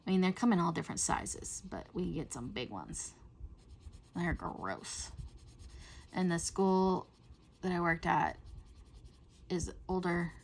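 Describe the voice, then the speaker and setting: A middle-aged woman hosting a coloring video, chatting in a rambling way and often dropping to a soft whisper. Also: on the low side, measured pace. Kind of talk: casual chat while coloring.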